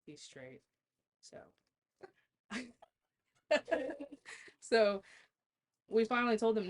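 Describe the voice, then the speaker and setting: Woman with a lowish voice, podcast guest, laughs a lot, cusses casually while telling stories. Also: steady tone, slow pace, pauses often, slight background noise. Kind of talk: casual storytelling chat.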